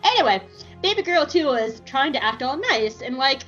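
A woman's voice: high voice, sing-song, normal speed, fairly bright tone, dull audio, soft background music. A woman podcast co-host chatting casually through an episode recap, giggly and swearing freely.

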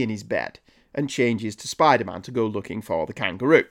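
A man's voice: big pitch swings, brisk. A man recapping an old comic with sarcastic, incredulous commentary. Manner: sarcastic, incredulous, jumps high in pitch when ranting. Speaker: comic book reviewer.

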